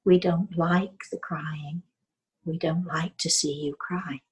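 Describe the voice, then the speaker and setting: A woman's voice: low voice, steady tone, husky, heavily acted. A woman quoting a stern spirit boy. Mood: solemn. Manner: slow, repetitive, soft and hushed.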